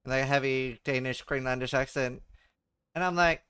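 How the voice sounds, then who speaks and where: A man's voice: mid-range voice, normal speed, fairly bright tone, clean tone, no echo, clean studio sound. A man streaming a video game, chatting casually, muttering to himself, swearing and stammering. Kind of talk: casual livestream chat while gaming.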